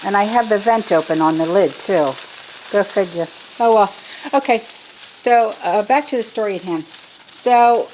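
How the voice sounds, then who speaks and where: A woman's voice: on the high side, a little mellow. A woman in her forties chatting casually in a pantry vlog from her home kitchen, often checking in with the viewer. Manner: chatty, keeps checking in with "okay?". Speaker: vlogger. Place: home kitchen, cooking while talking.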